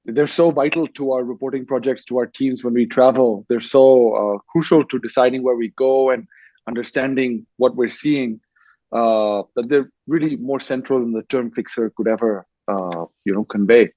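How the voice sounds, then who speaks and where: Recounting his life on a festival panel, the Dubai-raised author and war correspondent restarts often, speaking at a moderate pace in a dark, steady, mid-range voice. The muffled recording carries no room sound.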